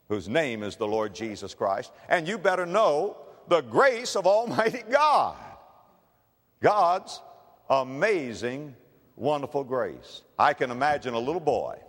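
A man preaching a dramatic evangelistic sermon, swinging from shouts to hushed tones. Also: mid-range voice, very animated, measured pace, big-room sound.

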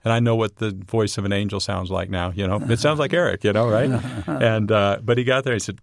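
Low-voiced man telling a wry story. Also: brisk, gravelly, few pauses, no echo, studio quality. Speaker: interview guest. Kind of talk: storytelling in an interview.

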